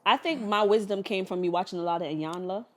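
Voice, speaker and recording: A woman's voice: medium pitch, a little fast, fairly bright tone. A woman co-hosting a casual podcast chat, blunt and profane, talking with strong emphasis. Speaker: podcast co-host.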